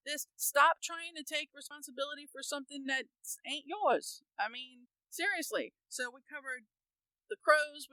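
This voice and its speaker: Emphatic high-voiced American woman ranting. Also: sharp tone, no echo, low-quality recording. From United States. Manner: emphatic, ranting, laughs often. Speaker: podcast co-host. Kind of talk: casual opinionated chat.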